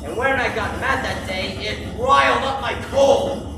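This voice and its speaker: A woman's voice: a little high, unhurried, vocal fry, very noisy. A young woman playing a sneezing, sheepish male wolf on trial, singing and speaking in a live school musical. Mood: theatrical, singing. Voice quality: sing-song, theatrical delivery. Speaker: stage actor in a school musical. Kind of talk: live stage musical, sung and spoken. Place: school stage in a large hall. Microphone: distant room mic. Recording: echoey hall from far off, loud music.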